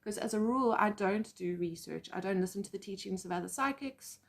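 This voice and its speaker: A woman with a South African accent telling personal stories as a psychic medium, animated and acting out quotes. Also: medium pitch, fairly quick, gravelly. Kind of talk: casual storytelling vlog.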